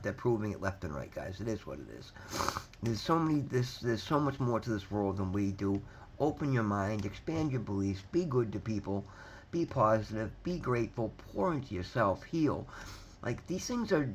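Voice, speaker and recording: A man's voice: mid-range voice, a little hiss or hum. A man talking to his viewers in an earnest, heartfelt self-help monologue, repeating himself, swearing freely and calling them "guys". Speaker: motivational vlogger. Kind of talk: casual heartfelt monologue to camera.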